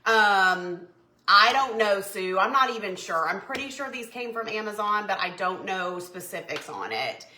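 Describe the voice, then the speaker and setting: A woman's voice: mid-range voice, expressive, moderate pace, bright, forceful tone, echoey room, slight background noise. A woman, chatting with viewers while baking in her home kitchen, flustered and talkative. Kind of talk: casual chatty cooking livestream.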